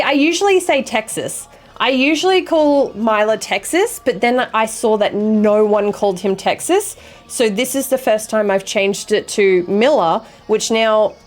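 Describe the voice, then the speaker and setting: A young adult woman streamer chatting casually with her viewers, swearing freely and apologizing quickly. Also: on the high side. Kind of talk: casual chat reading viewer messages.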